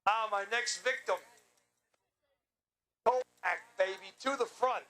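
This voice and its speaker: A man with a high, ringing voice works the winner's circle at an outdoor drag strip. He jokes, teases and hypes the racers into a handheld microphone, never losing his brash energy. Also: slow, bright, forceful tone, poor audio. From Long Island, New York. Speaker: track announcer.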